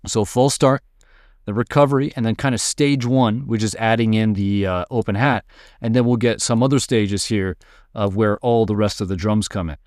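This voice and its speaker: In a casual screen-share tutorial, a man teaches music production, explaining as he works and checking in with "right?" and "all right". His voice is on the low side, a little mellow and steady, at a moderate pace. The recording is dry with clean studio sound.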